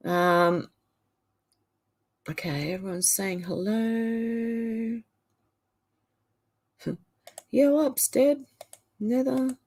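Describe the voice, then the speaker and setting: A woman's voice: fairly high pitch, extremely slow, pauses often, darkish tone. A middle-aged Australian woman hosts her own livestream, reading viewer comments aloud and chatting back casually. Her sentences often trail off and restart. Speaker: livestream host.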